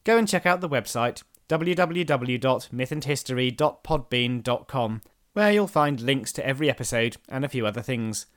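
A man, a podcast host narrating history in a measured storytelling manner with dry asides. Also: mid-range voice, lively intonation, fairly bright tone.

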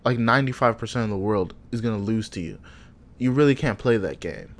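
A young man from Africa telling animated stories in casual chat, laughing often and acting out the quotes. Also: fairly low pitch, brisk.

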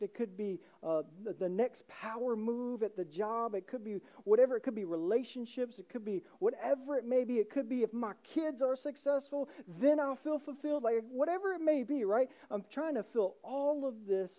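A male pastor preaching a conversational sermon, swinging from loud asides to hushed, earnest lines and acting out the voices in the story. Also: high-pitched, lo-fi sound.

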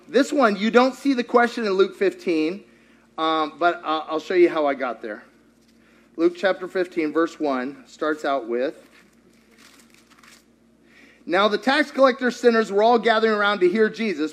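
Lively high-voiced male preacher. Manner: animated, quizzes the congregation and acts out quotes. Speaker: pastor. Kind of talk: sermon.

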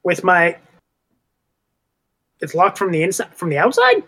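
A man with a fairly high voice plays in a tabletop game, describing his moves in a laid-back, joking way. He talks loosely and casually. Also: wildly swooping pitch, measured pace, bright, forceful tone. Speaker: player.

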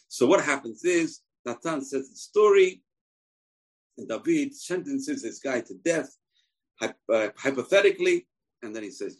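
A man's voice: mid-range voice, slightly rough, poor audio. A man teaching a Torah lecture emphatically, posing questions and answering them himself. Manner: emphatic, asks and answers his own questions. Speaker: religious teacher.

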